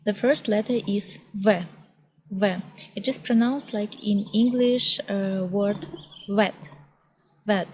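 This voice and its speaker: A young woman with a Russian accent, a native Russian speaker, teaching the alphabet in a vlog lesson. She speaks slowly and carefully, saying each example word twice, and records outdoors. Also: medium pitch, a little mellow, a little hiss or hum, poor audio. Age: young adult. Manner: slow and deliberate, repeats each word. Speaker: language teacher. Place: outdoors on a hot day.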